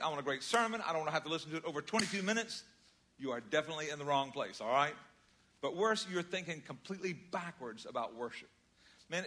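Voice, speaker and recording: An older man preaching a sermon, conversational and storytelling, moving between loud emphasis and quiet asides. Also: sits high, breathy edge. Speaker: pastor.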